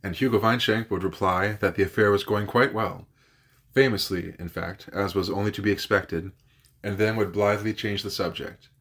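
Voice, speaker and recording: A man narrating a classic novel as a guest reader, measured, with an occasional slip and correction. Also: lowish voice, steady tone, fairly bright tone, breathy edge. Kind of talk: audiobook narration.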